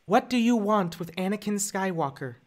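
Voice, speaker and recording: A man's voice: sits high, animated, moderate pace, voice pushed up. A man on a live stream doing an impression of a young female Jedi warrior, bold and defiant, leaning hard on the s sounds. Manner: crisp, with heavy stress on the s sounds.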